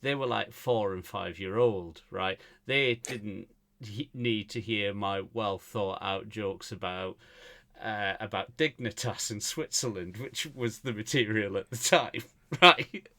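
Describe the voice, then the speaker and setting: A man's voice: lowish voice, a little slow, fairly bright tone. A man co-hosting a casual podcast, telling a meandering comedy anecdote full of restarts. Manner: meandering storyteller, many fillers and restarts. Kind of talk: casual chat, rambling anecdote.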